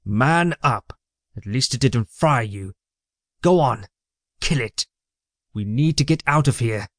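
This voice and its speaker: A man's voice: mid-range voice, lively intonation, slow pace, no echo, studio quality. A man voicing an arrogant trickster god who sneers and hisses his threats. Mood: menacing. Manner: sneering, hissing.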